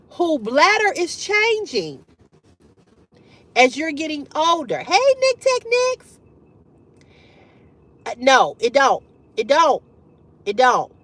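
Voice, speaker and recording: A middle-aged woman hosting a livestream, telling a story to her chat in a candid, profane, animated way and laughing often. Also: sits high, no room sound. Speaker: livestream host. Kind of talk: casual storytelling to live chat.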